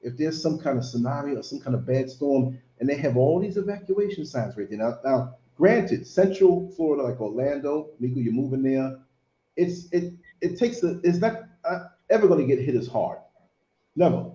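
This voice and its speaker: A man in his fifties hosting a casual chat, telling stories in an animated way and laughing big. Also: medium pitch, moderate pace. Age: 50s. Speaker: podcast host. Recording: lo-fi echoey call audio.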